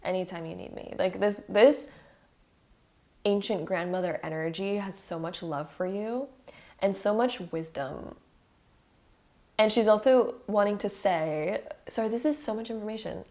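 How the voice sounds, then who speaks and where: A woman's voice: medium pitch, a little mellow. Woman, tarot reader, earnest and emotional, chatty with lots of "like" fillers. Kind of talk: intuitive pick-a-card reading to camera.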